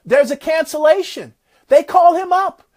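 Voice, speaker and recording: A man giving a motivational talk, retelling a success story in an animated, preacher-like way. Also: very high-pitched, a little slow. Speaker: motivational speaker.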